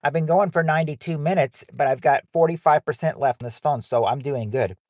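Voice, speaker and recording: A man's voice: fairly high pitch, fairly quick, a little mellow, dry recording. Guy running a game night stream off his phone, rambly, reads out chat names, dry close sound. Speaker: game night livestream host. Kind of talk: casual livestream chat.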